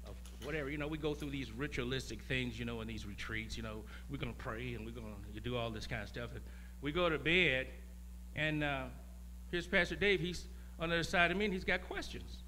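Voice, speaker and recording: A man preaching as a guest pastor, talking in a conversational way, laughing and swinging from quiet asides to loud emphasis. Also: medium pitch, fairly quick, slight background noise. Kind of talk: sermon.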